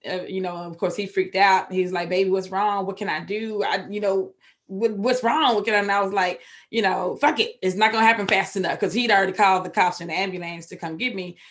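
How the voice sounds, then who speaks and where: A woman with a Texan accent tells her personal story openly, speaking at a middle pitch. Her delivery is candid and emotional, and it sometimes breaks into loud outbursts. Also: steady tone, brisk. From Texas. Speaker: guest.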